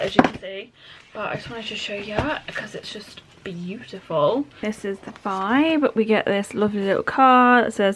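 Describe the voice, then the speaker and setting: A young woman, chatting in an excitable, gushing way in a casual vlog. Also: medium pitch. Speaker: vlogger. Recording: faint background noise.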